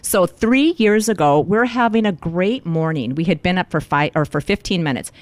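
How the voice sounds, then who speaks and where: A woman's voice: on the low side, normal speed, no echo. A middle-aged woman, a life coach, telling a personal story in an interview and acting out the lines of the people in it. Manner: animated storyteller, acts out quoted lines.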